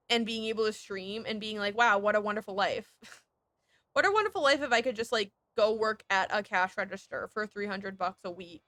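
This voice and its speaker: A woman streamer in casual, heated chat while gaming, animated and sweary, breaking into laughs. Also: medium pitch, no room sound.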